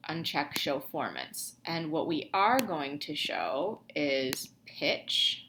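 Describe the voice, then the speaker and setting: A woman's voice: low voice, sing-song, takes it slowly, noisy background. A young woman instructor talking through a lab tutorial casually, thinking aloud with many ums and restarts. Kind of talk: screen-recorded lab tutorial.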